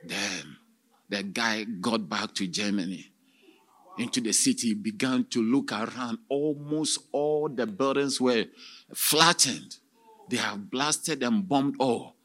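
A man preaching as a theatrical storyteller, with sudden shouts and sound effects. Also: mid-range voice, slow. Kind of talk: dramatic sermon storytelling.

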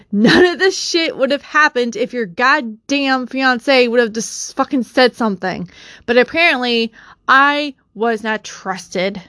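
A woman's voice: on the high side, a bit bright, no room sound, clean studio sound. A young woman with a cold and a stuffy nose, ranting emotionally in a personal vlog, swearing and rambling with many fillers and restarts, recorded on a phone or built-in mic. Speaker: vlogger.

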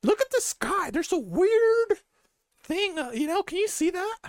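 A woman voicing a goofy, excitable male sea turtle, silly and giggly, in a comedic fan dub. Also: very high voice, measured pace, no echo, studio quality, full character voice. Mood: curious. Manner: giggly, wide-eyed, silly.

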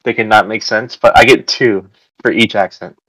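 Man, lowish voice, rambling casual podcast talk, dry sound. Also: steady tone, normal speed, bright, forceful tone, dry recording, poor audio. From United States. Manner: rambling, chatty, many fillers. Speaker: podcast host. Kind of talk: casual chat.

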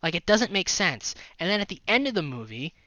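A man's voice: high voice, very animated, brisk, pushed and bright, no echo. A man co-hosting a casual movie review podcast, ranting in an exasperated, profane way. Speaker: podcast co-host.

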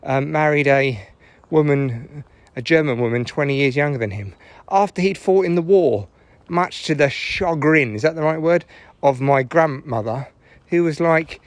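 Out on a walk outdoors, a podcast host rambles through a casual, sweary, jokey monologue. His medium-pitched voice is animated and normal in speed, with no echo.

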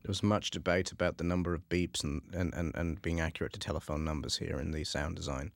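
A man chatting on a film commentary, animated, laughing and acting out quotes. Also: sits low, quick pace, vocal fry, no echo, studio quality. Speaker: film director. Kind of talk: commentary track chat.

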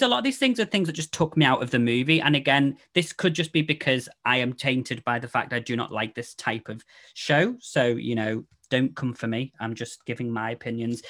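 Chatty man reviewing a film. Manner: animated, trails off and restarts, voice drops low at phrase ends. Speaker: podcast co-host. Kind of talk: casual film review chat.

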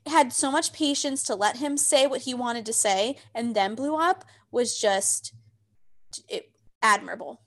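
A woman co-hosting a casual podcast, agreeable and quick to react. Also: fairly high pitch. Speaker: podcast co-host. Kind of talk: casual reality-TV recap chat.

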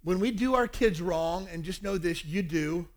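A man's voice: high voice, moderate pace. A man in his forties preaching a sermon on parenting, telling a personal story and acting out family dialogue. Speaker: pastor.

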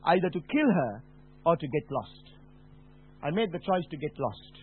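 A man preaching a personal testimony, dropping to a hush and then rising to a shout. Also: a little high, sing-song, slight background noise. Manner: slow, dramatic, swings from hushed to shouting. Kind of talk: testimony sermon. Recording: tinny phone-like sound.

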